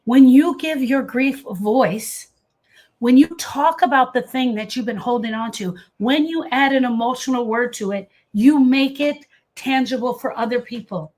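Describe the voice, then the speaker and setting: Earnest woman with a higher voice. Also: moderate pace, darkish tone. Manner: earnest, emphatic, addresses viewers by name. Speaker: grief coach hosting a live session. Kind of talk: casual livestream talk answering viewer comments.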